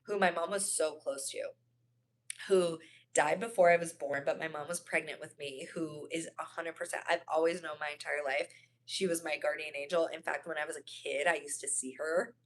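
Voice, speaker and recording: Low-voiced woman chatting on a livestream. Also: steady tone, normal speed. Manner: rambling, chatty, many fillers and self-corrections. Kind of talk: casual livestream chat reading comments.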